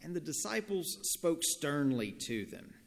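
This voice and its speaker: Male pastor, sermon storytelling, slow pace, gravelly voice, long church reverb. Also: a little high, big pitch swings. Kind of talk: sermon with scripture reading and storytelling.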